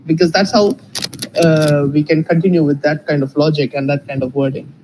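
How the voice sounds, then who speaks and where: A man with a somewhat higher voice argues his case in a live debate. He speaks in a measured way and hesitates often. Noticeable noise runs under his audio. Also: fairly even intonation, a little mellow, poor audio. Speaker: Christian debater.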